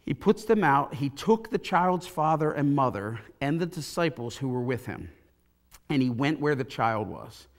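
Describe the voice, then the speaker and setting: A man preaching a sermon from a church pulpit, retelling a scripture story with animated, acted-out quotes. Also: mid-range voice, normal speed. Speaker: pastor. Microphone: pulpit mic.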